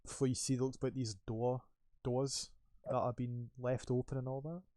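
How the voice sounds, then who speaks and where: A man's voice: medium pitch, level tone, normal speed, mellow, no room sound, clean studio sound. A young man narrating a tabletop game as game master, rambling with many fillers. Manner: rambling, loose, full of fillers.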